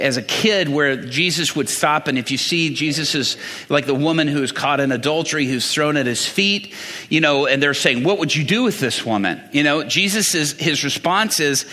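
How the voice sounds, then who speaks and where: A man's voice: fairly high pitch, bright, forceful tone, long reverb tail. A man preaching a conversational sermon, quizzing the congregation as he works through Bible passages.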